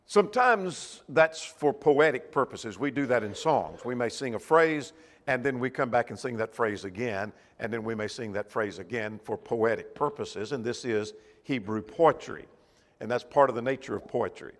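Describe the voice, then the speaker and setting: A man's voice: medium pitch, lively intonation, moderate pace, in a large hall. A man teaching a church Bible class in a conversational way, asking the class questions as he goes.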